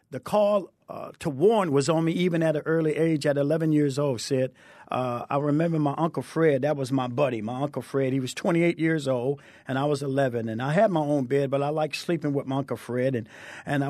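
A man's voice: mid-range voice, a little mellow, no room sound. A man who is a preacher, telling his testimony earnestly in an interview, with a fervent storytelling delivery. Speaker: preacher guest.

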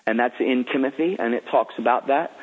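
A man's voice: mid-range voice, brisk. A man who is a guest minister, telling stories in an eager, emphatic, preacherly way. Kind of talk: enthusiastic storytelling. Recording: phone-like radio line.

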